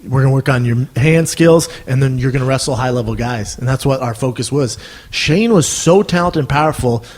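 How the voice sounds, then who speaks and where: A man, a former fighter, telling stories in casual, animated conversation, often tacking on "man" and swearing freely. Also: mid-range voice, brisk. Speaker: podcast guest, former fighter.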